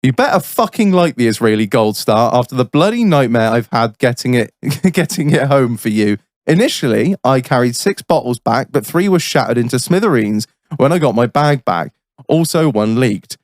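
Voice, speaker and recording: A man co-hosting a podcast, chatting crudely, swearing freely and breaking into loud exclamations. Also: mid-range voice, animated, normal speed, no room sound, clean studio sound. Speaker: podcast co-host. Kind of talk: crude casual banter.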